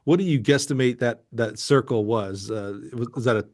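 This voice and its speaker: Friendly podcast host man, halting speech. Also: medium pitch, darkish tone. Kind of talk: casual interview chat.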